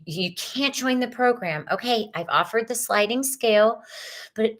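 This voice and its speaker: Bubbly Southern woman hosting spiritual talk. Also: fairly bright tone. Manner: bubbly and effusive, with laughs and swings in pitch. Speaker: host. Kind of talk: casual spiritual livestream talk.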